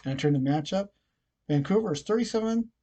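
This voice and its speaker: An expressive, fast-talking hockey vlogger with a warm, medium-pitched voice. Despite a frog in his throat and a nagging cough, he chats his way through scores, odds and picks, heavy on the fillers.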